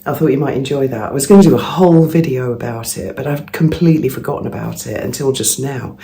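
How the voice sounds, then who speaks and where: Woman, vlogger, gravelly fry, gossipy, chatty, laughs a lot, home monologue. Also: rumbling low, fast, warm tone. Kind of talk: casual storytelling monologue. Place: at home early in the morning.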